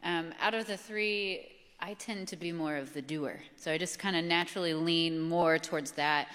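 A woman's voice: lowish voice, fairly even intonation, normal speed, fairly bright tone, big-room sound. A woman speaking in a church service, sharing a personal reflection in a hesitant, thoughtful way.

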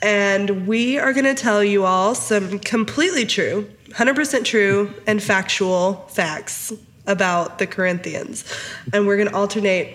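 A woman's voice: medium pitch, a little slow, fairly bright tone. A woman in her thirties hosting a podcast, chatting casually, laughing often and saying "like" a lot. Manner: giggly, chatty, says "like" often. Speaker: podcast host.

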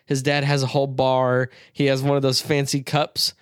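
A man's voice: mid-range voice, completely flat delivery, moderate pace, dry recording, clean studio sound. A man co-hosting a casual podcast, laid-back, laughing and cursing offhand. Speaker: podcast co-host.

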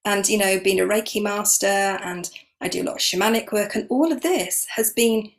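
A woman's voice: medium pitch, moderate pace, slight background noise. A middle-aged woman, telling her personal story openly and with emotion as an interview guest. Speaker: guest, energy healer.

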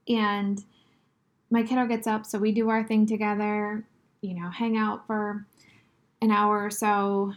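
A young adult woman hosting a podcast, telling a casual personal story in a chatty way with many fillers. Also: medium pitch. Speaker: podcast host.

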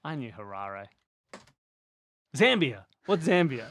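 Podcast co-host, playful self-quizzing banter, very lively pitch, dry close mic, loud and soft in turn. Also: slow, dry recording. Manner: playful, thinks aloud, jumps between loud and murmured. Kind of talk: casual chat, quizzing self on capitals.

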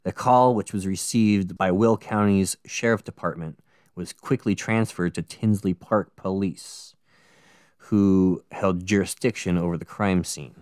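Here a true-crime podcast co-host with a resonant, smooth, low voice takes a measured pace through the case. His delivery is laid-back with swearing, joking asides, and the close recording has no room sound at all.

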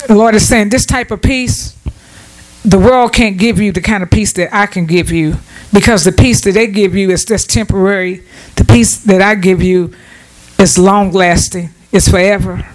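A woman's voice: medium pitch, fairly even intonation, moderate pace, darkish tone. A woman preaching a devotional sermon at home, earnest and repetitive, often breaking in with amens. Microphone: self-set camera.

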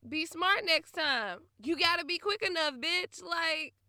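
A woman's voice: extremely high pitch, a little slow, dry recording, studio quality. Blunt, profane young woman telling a story. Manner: blunt, profane, animated, laughing often. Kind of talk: casual storytelling rant.

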